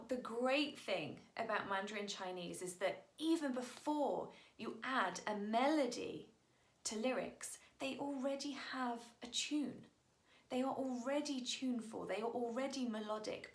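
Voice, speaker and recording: Bright-voiced woman singer in an echoey room. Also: on the high side. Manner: patient, upbeat, demonstrates Mandarin tones aloud. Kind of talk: explaining song lyrics to viewers.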